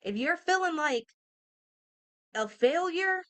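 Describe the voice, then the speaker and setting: A woman's voice: very high voice, lively intonation, slow, a bit bright. A woman in her thirties giving an earnest, heartfelt motivational talk to camera, often checking in with her listeners and talking in a casual, emphatic way. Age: 30s. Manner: earnest, emphatic, addresses listeners directly with "y'all" and "okay?"; casual speech with slang and fillers. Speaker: motivational vlogger.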